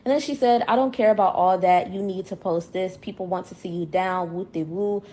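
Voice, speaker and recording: A woman's voice: lowish voice, brisk, mellow. A woman hosting a gossip commentary and reading out social media posts in a blunt, slangy, sassy way. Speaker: host.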